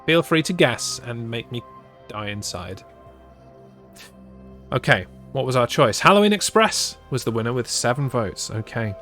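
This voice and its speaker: A man's voice: medium pitch, animated, normal speed, a bit bright, soft background music. A man streaming a spooky choose-your-path story, teasing his chat playfully and mocking himself. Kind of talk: live-streamed interactive story reading with chat banter.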